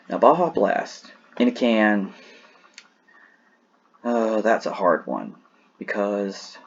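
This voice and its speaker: A man's voice: sits low, creaky, husky, highs cut off. A man rambling casually as he ranks sodas in a tier list, sleepy and yawning, often restarting his sentences. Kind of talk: casual solo commentary.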